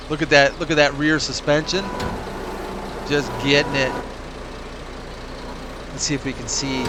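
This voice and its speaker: A man casually commenting as he plays a farming game, musing aloud and laughing to himself. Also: a little high. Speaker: let's play host. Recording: game engine noise behind voice. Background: tractor and engine sounds from the game.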